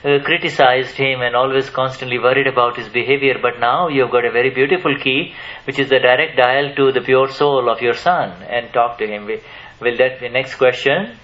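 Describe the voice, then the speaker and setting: Man, spiritual teacher at a live Q&A, halting delivery full of restarts, dull lo-fi recording. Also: medium pitch, a bit bright. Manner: hesitant, many restarts, asks the audience questions. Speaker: spiritual teacher answering questions. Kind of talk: spiritual Q&A talk to a live audience.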